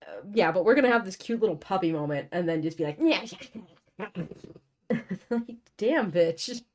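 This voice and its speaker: A young woman reads a novel aloud and keeps stopping to mock it, blunt and sarcastic, with casual swearing. Her voice sits somewhat low. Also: expressive, fairly quick, a little mellow. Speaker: host reading a novel aloud. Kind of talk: book reading with sarcastic commentary.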